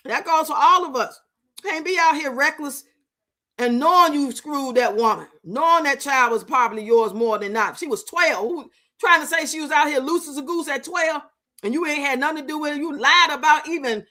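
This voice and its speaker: A young woman hosting a live stream, chatting loudly and profanely, teasing and laughing as she reads out viewers' comments. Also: high voice. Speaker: livestream host. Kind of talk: casual live-stream chat reacting to a reality show.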